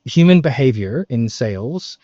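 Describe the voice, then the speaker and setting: A man's voice: mid-range voice, expressive, moderate pace, warm tone, no room sound. A man coaching on sales in casual talk, emphatic and loose, with frequent fillers, swearing and "right?" tag questions. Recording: dull, slightly muffled recording.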